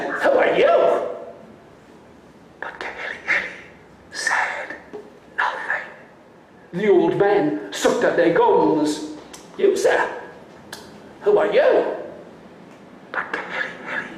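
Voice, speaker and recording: A storyteller man from the United Kingdom, telling a folk tale live to young listeners with theatrical, drawn-out delivery and calls to join in. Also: high voice, darkish tone. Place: large hall before an audience. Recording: echoey hall with faint noise.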